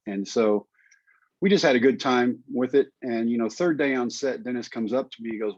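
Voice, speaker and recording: A man in his fifties tells stories in a relaxed way as a guest on an interview show, with a voice of middling pitch. His audio sounds dry and a bit muffled, as if it comes over a remote link. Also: normal speed, dry recording. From Texas, United States. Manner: relaxed, anecdotal, acts out quotes. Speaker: guest, speaker and author. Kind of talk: storytelling interview answers.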